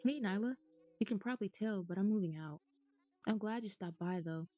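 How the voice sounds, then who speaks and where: A woman's voice: medium pitch, fairly quick, mellow, no room sound, highs cut off, soft background music, natural voice. American woman reading as a boastful jock villager. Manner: hearty, boastful. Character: upbeat muscle-loving male jock villager.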